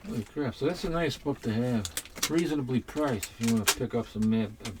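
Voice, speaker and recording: Male vlogger, mid pitch, rambling and halting, casual unboxing chat, faint noise and clicks in the background. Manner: rambling, halting, swears and digresses. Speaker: comics collector vlogger.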